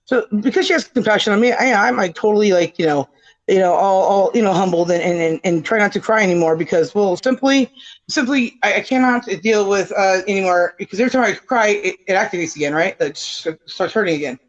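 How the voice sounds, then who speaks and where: A man with a highish voice speaks a little fast, telling a rambling, self-mocking story as a guest on a casual livestream panel. His talk is full of fillers and "right?" tags, and the stream audio is dull and lo-fi.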